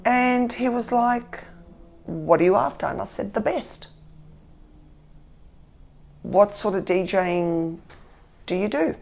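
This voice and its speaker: A woman's voice: mid-range voice, measured pace, vocal fry, a little hiss or hum. A woman, candidly telling her own story and acting out what people said to her. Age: 50s. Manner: animated, acts out quotes.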